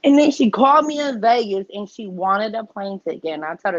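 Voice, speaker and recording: A woman's voice: medium pitch, animated, fairly quick, hardly any pauses, no room sound, highs cut off. Blunt, slangy woman telling a story. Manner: blunt, slangy, matter-of-fact. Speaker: podcast guest. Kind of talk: casual storytelling.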